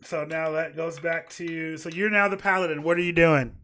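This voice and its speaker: A man's voice: fairly high pitch, flat delivery, normal speed, pushed and bright. A man running a tabletop game as game master, prompting the players in a casual, hesitant way.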